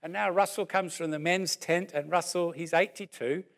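A man around sixty, preaching a sermon as a lively story and then leading a prayer, acting out what people said. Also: fairly high pitch, moderate pace, gravelly. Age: about 60. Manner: animated storyteller who acts out what people said.

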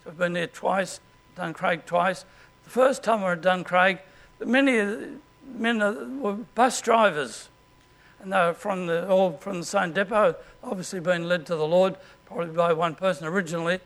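An Australian man preaching a sermon as pastor, in a conversational way and often clearing his throat. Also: sits high, fairly bright tone.

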